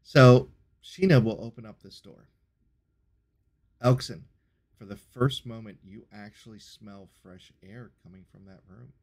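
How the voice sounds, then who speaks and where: A man's voice: medium pitch, a little slow. A man running a tabletop game as game master, describing rooms and doors with a few hesitations. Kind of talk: narrating a tabletop game on a live stream.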